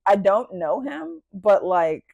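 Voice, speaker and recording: A woman comedian from Baltimore, with a Baltimore accent, chatting casually on a podcast and slipping into quick mock voices. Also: mid-range voice, vocal fry, no room sound, highs cut off. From Baltimore, USA. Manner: animated, slips into mock voices and quick asides.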